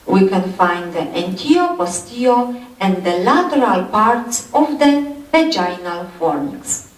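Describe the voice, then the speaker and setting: Halting woman lecturing in an echoey hall. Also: mid-range voice, far from the mic. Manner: halting, many fillers and repeated "yes". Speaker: anatomy lecturer. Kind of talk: university lecture.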